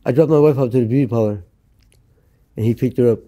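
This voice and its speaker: A man's voice: medium pitch, quick pace, dark tone. A middle-aged man from the United States, telling his life story in an interview in a blunt, profane, matter-of-fact way. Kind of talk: candid storytelling. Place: Los Angeles.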